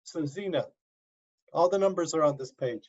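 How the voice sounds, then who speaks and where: A man's voice: on the high side, moderate pace, a little mellow. A male university professor teaching an online class, coaxing students step by step over a video call. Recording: dull lo-fi video call audio.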